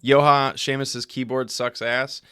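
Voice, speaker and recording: A young American man chats loosely to his stream chat from a home setup, close on a desk microphone. His pitch sits in an ordinary middle range. The sound is dry and close, with no room echo. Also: level tone, measured pace, bright, forceful tone, clear, resonant tone. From United States. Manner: loose, chatty, swearing, trails off and restarts. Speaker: streamer hosting a beer tasting stream. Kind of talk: casual chat to a live stream chat.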